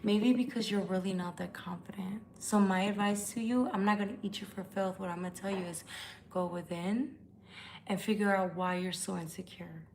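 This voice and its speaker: Gravelly-voiced tipsy woman tarot reader. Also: medium pitch, moderate pace, slight background noise. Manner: blunt, profane, animated. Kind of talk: casual live-stream chat. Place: at home.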